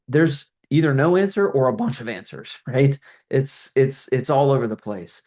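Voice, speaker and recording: Middle-aged male former pastor, conversational presenter on a call, mid pitch, loose and restart-prone. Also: expressive, moderate pace, darkish tone. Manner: conversational, many restarts and fillers. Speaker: ministry consultant, former pastor.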